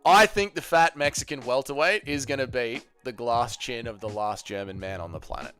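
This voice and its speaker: A man hosts a casual livestream, reading viewer messages aloud and firing back crude jokes. His voice sits at an ordinary middle pitch, and faint music plays under his talk. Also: moderate pace, a bit bright. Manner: crude, joking banter with chat. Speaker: livestream host.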